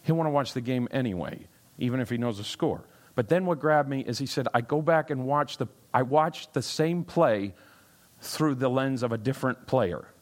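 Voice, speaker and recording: A man preaching a sermon in a church, animated, quoting scripture with sudden rises in pitch and volume. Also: moderate pace. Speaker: pastor. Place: church sanctuary.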